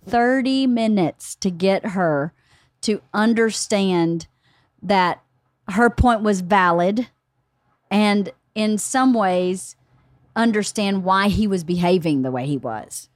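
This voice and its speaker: A woman hosting a podcast, telling a story in a casual, animated way and laughing often. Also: medium pitch, takes it slowly, no room sound, clean studio sound. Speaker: podcast host.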